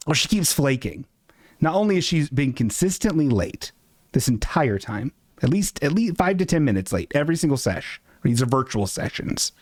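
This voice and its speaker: A man hosting a live stream from his apartment, ranting in a casual, self-mocking way and jumping into squeaky voices for quotes. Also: dry recording. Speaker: streamer host.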